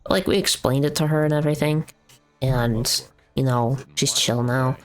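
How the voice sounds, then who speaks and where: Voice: medium pitch, fairly even intonation, normal speed, soft background music. A young adult streamer chatting casually while gaming, telling a story in blunt, profane language that turns into heated ranting.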